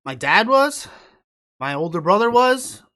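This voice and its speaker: A man's voice: sits high, sing-song, a little slow, bright, forceful tone. A man from upstate New York hosting a live podcast interview, joking loosely and cursing now and then. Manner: joking, loose, swears casually. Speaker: podcast host. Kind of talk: casual live interview chat.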